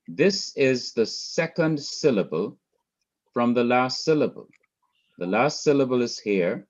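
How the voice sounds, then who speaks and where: A man with a Jamaican accent teaching Hebrew grammar in a recorded lecture over slides, methodically repeating terms and counting syllables aloud. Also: mid-range voice. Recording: dull lo-fi recording.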